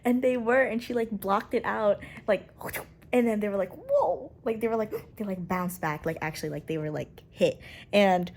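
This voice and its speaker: A young woman recapping a book she is reading, gushing and excitable and peppering her talk with "like". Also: mid-range voice, moderate pace, slight background noise. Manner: gushing, excitable, heavy use of "like". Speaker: book vlogger. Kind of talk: casual chat recapping a book.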